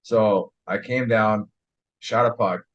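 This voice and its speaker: A man's voice: lowish voice, fairly even intonation, slow pace, a bit bright. A man and former hockey player, a guest on a podcast, telling stories in a laid-back, easygoing way. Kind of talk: casual storytelling chat. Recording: slightly dull, muffled audio.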